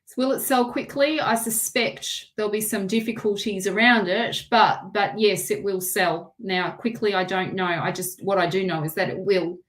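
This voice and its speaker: A woman's voice: medium pitch, normal speed, few pauses, fairly bright tone. Woman, Australian accent, tarot reader, live reading, chatty, rambling, restarts often.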